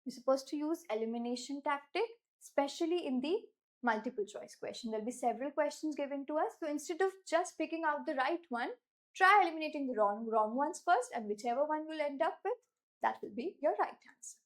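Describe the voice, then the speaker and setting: High-pitched Indian English teacher. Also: female voice, expressive. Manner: clear, deliberate, slows down to stress key words. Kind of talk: instructional lesson.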